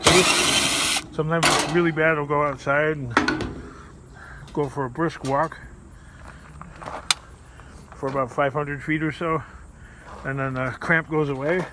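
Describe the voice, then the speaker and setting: A middle-aged man chatting casually on a scrap metal vlog, meandering and filler-heavy, recorded at a work area. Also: fairly high pitch. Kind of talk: casual rambling vlog talk. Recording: loud background noise.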